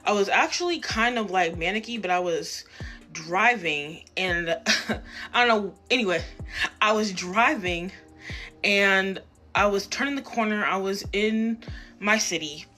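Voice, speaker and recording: A woman's voice: medium pitch, lively intonation, unhurried, bright, forceful tone, faint music behind. A young woman telling a rambling, profanity-laced personal story in a casual, self-deprecating way, acting out what people said. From Tacoma, Washington area.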